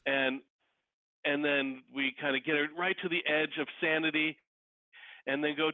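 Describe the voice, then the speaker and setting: A man's voice: a little high, moderate pace, pauses often, a little hiss or hum. Storytelling man on a tinny phone line. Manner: lively storyteller who acts out quoted voices. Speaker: guest, wedding officiant and celebrity impersonator. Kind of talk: casual interview storytelling.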